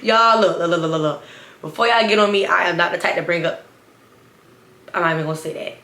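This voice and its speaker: A woman, telling a story in a sassy, animated way and talking straight to viewers. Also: medium pitch, brisk, pauses often, echoey room. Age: 20s. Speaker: storytime vlogger. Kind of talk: casual storytime.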